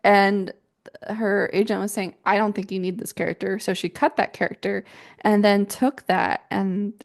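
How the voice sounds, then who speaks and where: This woman co-hosts a writing podcast, speaking at a normal speed in a medium, creaky voice with fairly even intonation. She chats casually and pokes fun at herself while recounting advice from a conference.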